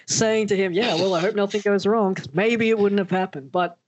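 A man's voice: sits high, fairly quick, no room sound, muffled recording. A man, a wrestler, telling a story in casual talk and acting out the voices he quotes. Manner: animated, acts out quoted voices.

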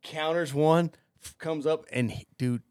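A man's voice: on the high side, measured pace, darkish tone, clean tone, no room sound, clean studio sound. A young man hosting a podcast, telling a rambling, profane story in casual chat, full of fillers and restarts. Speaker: podcast host.

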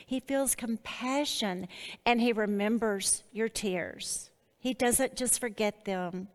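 A woman teaching a Bible study, earnest and deliberate, pausing between her phrases. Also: a little high, in a large hall.

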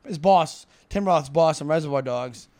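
A man's voice: fairly high pitch, normal speed, darkish tone. A man co-hosting a comedy podcast, rambling and correcting himself as he talks. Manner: rambling, self-correcting, enthusiastic. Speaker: podcast co-host. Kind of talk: casual comedy podcast chat.

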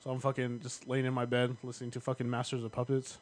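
A man in casual, crude banter among friends, animated and swearing, often laughing. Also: mid-range voice, fast talker. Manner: animated, swearing, laughing, bursts into mock voices.

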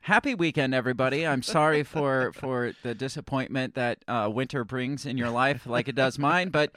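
A man's voice: medium pitch, fairly even intonation, moderate pace, a bit bright, no echo. A man co-hosting a podcast in a basement studio, grumbling sarcastically about the cold and swearing freely in casual chat. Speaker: podcast co-host.

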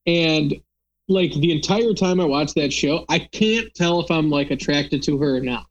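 A man's voice: fairly high pitch, normal speed, highs cut off. Chatty young-sounding man, rambling podcast talk. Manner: chatty, rambling, lots of "like" fillers. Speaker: podcast host. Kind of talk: casual chat.

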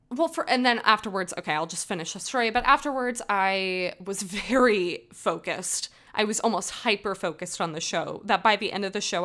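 A woman's voice: medium pitch, a bit bright. A woman in her twenties hosting a podcast, earnestly telling a personal story in a rambling, self-correcting way. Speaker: podcast host.

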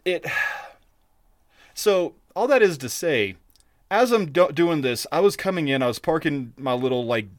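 A man co-hosting a casual podcast and telling an animated story. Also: a little high, measured pace, long pauses, no echo. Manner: animated storyteller, acts out quotes. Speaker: podcast co-host.

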